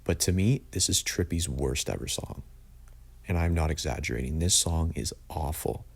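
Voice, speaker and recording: Young man with a low husky voice. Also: moderate pace. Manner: opinionated, blunt, says "like" often. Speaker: music reviewer. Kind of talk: casual album ranking review.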